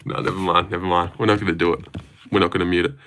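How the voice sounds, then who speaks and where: A man's voice: low voice, flat delivery, racing, fairly bright tone, slight background noise. A young Australian man casually chatting on a livestream, answering chat questions with a laid-back, jokey manner. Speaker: streamer reading chat.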